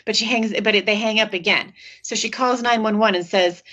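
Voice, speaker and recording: A woman's voice: medium pitch, quick pace, few pauses, sharp tone. A woman podcast co-host telling a scary story in casual chat, with wry, sarcastic asides.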